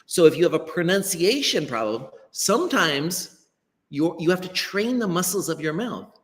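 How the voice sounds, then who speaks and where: American male ESL teacher, animated, on a reverberant webcam call. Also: on the high side, moderate pace. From United States. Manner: encouraging, explanatory, acts out quoted remarks. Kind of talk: live-stream interview. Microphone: laptop webcam on a video call.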